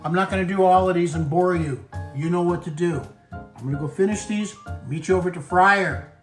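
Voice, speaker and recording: A man's voice: sits high, fairly quick. A man hosting a home cooking demonstration in a kitchen, playful and chatty, talking straight to his viewers. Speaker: cooking show host. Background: background music.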